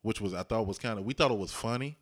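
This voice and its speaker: A man's voice: fairly low pitch, quick pace. A man co-hosting a casual chat, telling travel stories and acting out what people said. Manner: animated, acts out quotes with voices. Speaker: podcast co-host.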